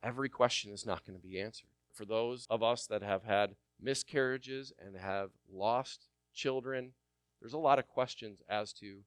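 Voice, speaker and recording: A male pastor preaching a sermon, repeating key phrases with force and then dropping to quiet, close asides. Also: lowish voice, moderate pace, smooth, no room sound. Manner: swings from loud emphatic repetition to quiet intimate asides.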